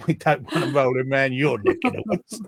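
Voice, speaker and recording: A man's voice: mid-range voice, very animated, measured pace, noisy background. A man hosting a casual online show, reading out listener comments with a jokey, teasing manner. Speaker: host.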